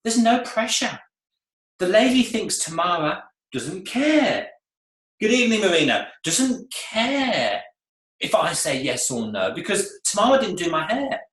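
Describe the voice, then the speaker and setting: A man coaching salon staff in a lively seminar, often acting out the voices of clients and staff. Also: high voice, measured pace. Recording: echoey room.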